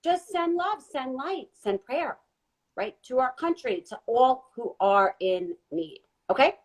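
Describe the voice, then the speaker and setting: A woman guest giving an earnest, gentle spiritual talk during a live online chat. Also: high-pitched, expressive, slow pace, poor audio. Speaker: guest intuitive reader. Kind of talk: casual live-stream talk.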